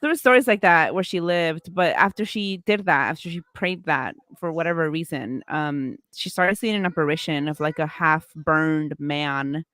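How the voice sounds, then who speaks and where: A woman's voice: deep voice, normal speed, hardly any pauses, a bit bright, no echo. A woman telling a family ghost story in casual chat, rambling with lots of fillers. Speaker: paranormal content creator.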